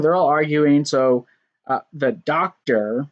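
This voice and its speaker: Animated man recapping wrestling, lo-fi. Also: fairly high pitch, moderate pace. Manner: animated, acts out quotes with laughs. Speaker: wrestling show reviewer. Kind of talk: casual recap commentary.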